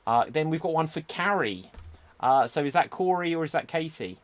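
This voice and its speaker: A man's voice: a little high, animated, moderate pace. A man hosting an online improv comedy show, upbeat, calling on judges and reading votes. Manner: upbeat, addresses audience and judges.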